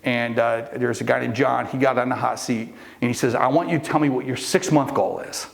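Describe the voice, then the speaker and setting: A middle-aged man gives a motivational talk to a live group he's coaching, telling a long story with fillers and restarts and acting out the people in it. His creaky, mid-range voice runs a little fast.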